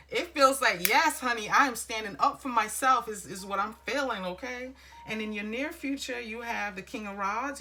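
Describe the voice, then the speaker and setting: Bright-voiced woman giving a tarot reading. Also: on the low side. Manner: warm, encouraging, calls listener honey; rambling with restarts and filler phrases. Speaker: tarot reader.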